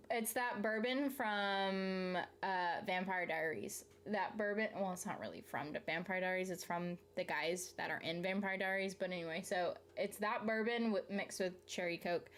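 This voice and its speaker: A Southern United States woman chats casually on a live stream, reading viewer comments aloud and answering them in a rambling way while swearing freely and laughing mid-sentence. Her voice is medium-pitched, with a little hiss or hum in the audio.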